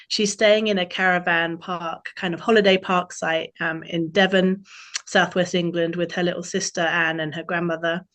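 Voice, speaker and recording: A woman's voice: on the low side, a bit bright. A woman author who introduces her novel with hesitant ums, then reads a passage aloud. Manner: hesitant with many ums when speaking freely.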